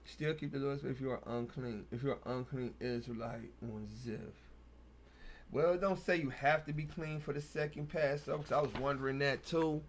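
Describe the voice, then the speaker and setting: A man's voice: mid-range voice, steady tone, moderate pace, a little hiss or hum. A man, hosting a casual Bible study, reading verses aloud and then riffing on them in loose, slangy talk. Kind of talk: casual scripture reading and commentary.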